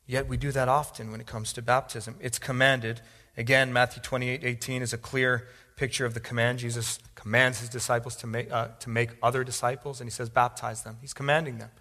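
A man's voice: mid-range voice, fairly quick. Preaching man in an echoing hall. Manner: preaching, swells from calm teaching to loud pleading; repeats phrases for emphasis. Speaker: pastor. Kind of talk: sermon.

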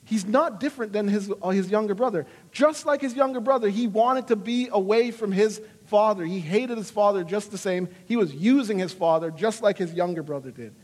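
High-voiced male pastor preaching in a hall. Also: a little fast, few pauses. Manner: earnest, animated preaching with dramatic quoted voices. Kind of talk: sermon.

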